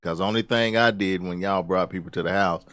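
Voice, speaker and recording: A middle-aged man, a father, joining a casual group discussion with quick affirming and playful interjections. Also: sits low, a bit bright, clear, resonant tone.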